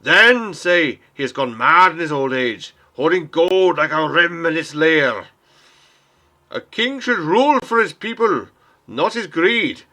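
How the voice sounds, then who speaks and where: A man voicing a male agitator on a crate who shouts to a crowd with frustration and conviction. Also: on the high side, lively intonation, a little slow, pitched above the performer's own voice. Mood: fiery, shouting. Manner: shouting, impassioned, insistent. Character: angry male rabble-rouser shouting from a crate.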